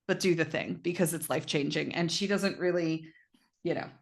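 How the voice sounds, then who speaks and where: Middle-aged woman, podcast co-host, low-ish voice, animated storyteller who acts out her own quotes. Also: fairly quick, vocal fry. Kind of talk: casual chat.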